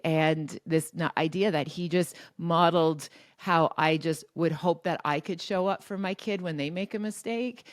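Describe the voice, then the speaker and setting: Woman, forties, podcast guest, storytelling, animated, restarts, lowish pitch, dry close mic. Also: dry recording. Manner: animated, quick, many restarts and quoted dialogue. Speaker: guest, resilience expert.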